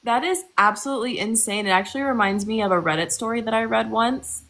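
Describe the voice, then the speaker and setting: A woman's voice: on the high side, fast, fairly bright tone, rough recording. A woman guest on a casual live chat, retelling a story she read, with hesitant restarts.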